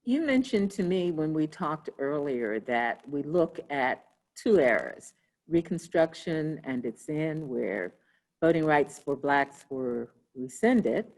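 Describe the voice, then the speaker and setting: A woman interviewing a guest, asking measured, prepared questions. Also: low voice, lively intonation, a little mellow, low-quality recording.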